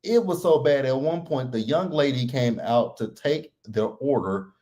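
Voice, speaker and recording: A man's voice: medium pitch, a little slow. A man hosting a live reality TV recap, talking casually and bluntly and laughing a lot. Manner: blunt, animated and laughing often.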